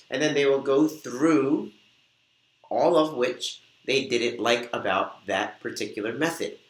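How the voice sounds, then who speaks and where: A man's voice: mid-range voice, measured pace. Upbeat man coaching in an echoey room. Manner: upbeat, coaching, acts out sample dialogues. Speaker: host and weight-loss coach. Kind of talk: instructional talk to camera.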